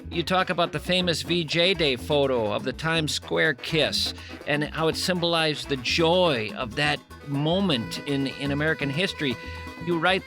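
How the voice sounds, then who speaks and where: A man's voice: a little high, normal speed, over music. A man hosting a radio talk show, musing thoughtfully in long, winding sentences as he interviews a guest. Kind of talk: conversational interview.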